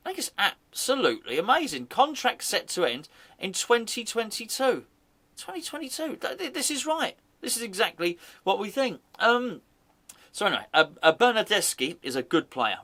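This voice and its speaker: A man's voice: sits high, very animated, moderate pace, bright, forceful tone. A man hosting a fan channel, rambling and joking in casual football chat, often correcting himself mid-sentence. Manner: rambling, jokey, self-correcting.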